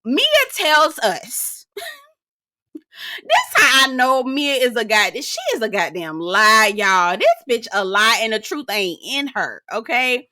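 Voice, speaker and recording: A woman's voice: a little high, animated, slow, bright, forceful tone, no echo, studio quality. A woman recapping a reality show in casual commentary, sassy and profane, mimicking the cast and laughing often.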